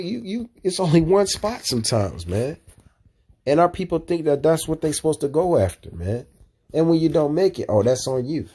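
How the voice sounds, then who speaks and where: A man's voice: a little high, warm tone. A man giving preaching commentary on a video, who keeps ending his phrases with "man". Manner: repetitive, ends phrases with "man".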